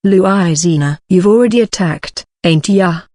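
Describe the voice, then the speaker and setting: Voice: medium pitch, unhurried, a little mellow, dry recording, lightly acted. A text-to-speech voice reading the lines of a wry young male swordsman in a dry, sarcastic way. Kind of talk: audiobook reading.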